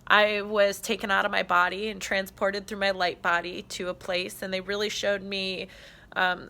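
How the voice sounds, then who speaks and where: Woman, spiritual vlogger; earnest, heartfelt delivery, bright tone with a gravelly edge, phone mic outdoors. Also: medium pitch. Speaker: spiritual channeler. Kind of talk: casual spiritual vlog. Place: outdoors on a trail.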